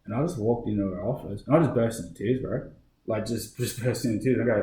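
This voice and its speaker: A man's voice: fairly low pitch, fairly even intonation, quick pace, warm tone, reverberant, rough recording. A middle-aged Australian police officer with an Australian accent, telling his story in a casual podcast interview, full of fillers and restarts.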